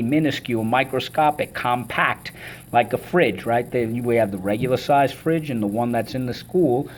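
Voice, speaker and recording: A man teaching a vocabulary lesson, energetic and enthusiastic, leading call-and-response drills and chanting words syllable by syllable. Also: medium pitch, a little hiss or hum.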